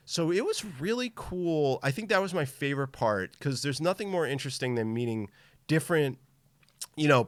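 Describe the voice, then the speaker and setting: Male podcast host, casual live-stream chat, enthusiastic but travel-tired, middle pitch, dry sound. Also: no echo. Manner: enthusiastic, greets chat viewers by name.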